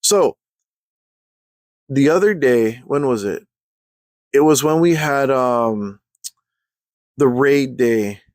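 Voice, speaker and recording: A man telling a story in a casual rant for his vlog, heated and full of slang, clearly fed up. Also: mid-range voice, slow pace, long pauses, darkish tone, dry recording. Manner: heated, slangy, exasperated ranting.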